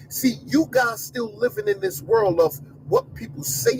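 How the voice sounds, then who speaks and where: A man's voice: very high-pitched, sing-song, measured pace, gravelly, hardly any pauses, noisy background. A middle-aged man giving an emphatic, repetitive, preachy commentary rant to his online audience from inside a car.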